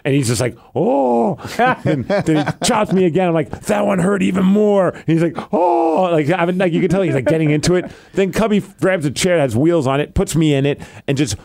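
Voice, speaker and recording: A man hosting a casual podcast who tells his wrestling stories in an animated way, laughing often and acting out quotes. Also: fairly high pitch, fast talker, few pauses, no room sound, studio quality. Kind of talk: casual chat.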